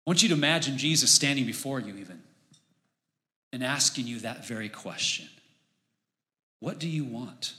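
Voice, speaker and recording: A man preaching a casual sermon, conversational and animated, acting out voices as he retells a story. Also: medium pitch, fairly quick. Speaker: pastor.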